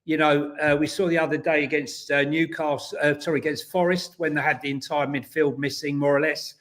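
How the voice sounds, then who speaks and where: A man's voice: on the high side, flat delivery, a little fast, a bit bright. A man, co-hosting a casual football podcast, rambling through stories with many ums and restarts. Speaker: co-host.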